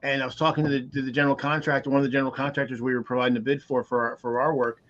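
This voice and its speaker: A man's voice: medium pitch, little pitch movement, racing, a bit bright. A man co-hosting a casual podcast chat, talking emphatically with frequent restarts. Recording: dull lo-fi audio.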